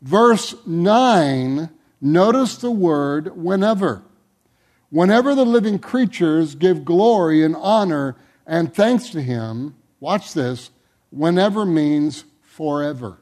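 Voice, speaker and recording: Slow, high-voiced preaching man. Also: expressive. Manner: emphatic, building intensity on repeated words; drops to a low, soft voice at phrase ends. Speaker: pastor. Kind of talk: sermon.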